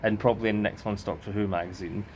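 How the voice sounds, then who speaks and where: A lower-voiced man chatting outdoors about a TV episode he just watched. He talks in an excitable, joking way with the odd mild curse. Faint ambient noise sits behind him. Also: fast talker. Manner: excitable, swearing lightly, joking. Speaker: channel host reacting to TV episode. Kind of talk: casual reaction chat. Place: outdoors in a remote spot. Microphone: handheld mic held by co-host.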